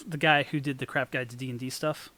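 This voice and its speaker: A co-host in relaxed conversation who keeps pausing on fillers and restarting sentences. The voice sits at an ordinary middle pitch. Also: no echo. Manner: halting, many fillers and restarts. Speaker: podcast co-host. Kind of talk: casual chat.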